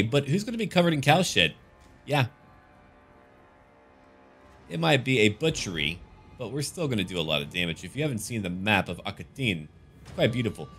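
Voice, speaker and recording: A man's voice: medium pitch, a bit bright, slight background noise. A man giving casual, jokey commentary over a strategy game battle. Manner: goofy, jokey, slips into silly voices. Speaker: gaming YouTuber.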